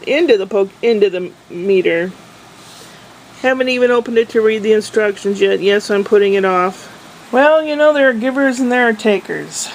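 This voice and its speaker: A woman's voice: mid-range voice, a little hiss or hum, poor audio. An older woman in a casual video diary, chatty and meandering, with a self-deprecating manner. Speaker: vlogger.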